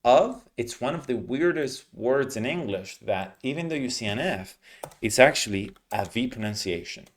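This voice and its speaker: A man teaching English pronunciation, explaining patiently and modeling words slowly with clear stress. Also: medium pitch, lively intonation. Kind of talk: teaching lesson, explaining reading aloud.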